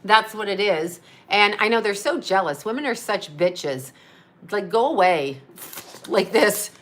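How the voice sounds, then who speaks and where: A woman's voice: mid-range voice, lively intonation, unhurried, a bit bright. Blunt, profane woman in her fifties. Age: 50s. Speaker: psychic medium hosting a live stream. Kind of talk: casual live-stream chat reading viewer comments.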